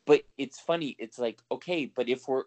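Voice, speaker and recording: A man's voice: mid-range voice, normal speed, a little mellow, no room sound. A man co-hosting a podcast in casual chat, talking freely with lots of swearing and laughter. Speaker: podcast co-host.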